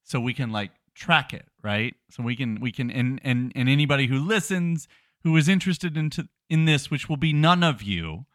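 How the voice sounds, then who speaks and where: Man, casual podcast chat, rambling, self-deprecating, dry close sound, middle-pitched voice. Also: normal speed, a bit bright, no echo. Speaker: podcast co-host. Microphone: podcast microphone.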